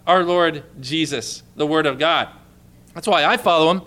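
Bright high-voiced male preacher. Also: lively intonation, normal speed. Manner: emphatic, repeats phrases for effect, drops to a hush for quoted lines. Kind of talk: sermon.

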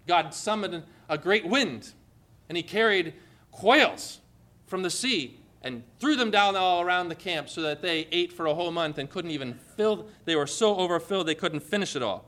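A man preaching a sermon in church, animated and acting out the quoted lines in changing voices. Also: on the high side, normal speed. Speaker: pastor.

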